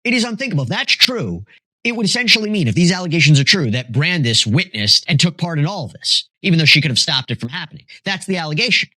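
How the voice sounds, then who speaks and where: A male true crime host narrates with lively, swooping pitch and heavy emphasis. His voice sounds bright and sits a little high, recorded dry and close. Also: fast talker, dry recording. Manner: emphatic, dramatic stresses.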